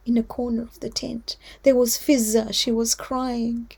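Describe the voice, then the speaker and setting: Hushed, heartfelt woman storyteller. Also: a little high, level tone, moderate pace, vocal fry, few pauses, husky. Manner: heartfelt, drops to a hushed whisper. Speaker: storyteller at a children's religious gathering. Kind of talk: devotional storytelling for children.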